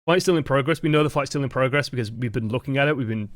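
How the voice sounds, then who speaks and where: A man's voice: mid-range voice, racing, dry recording. Guy breaking down game footage like a coach, medium voice, dry close mic, asks himself questions. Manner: explanatory, asks rhetorical questions and answers them. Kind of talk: gameplay commentary and coaching.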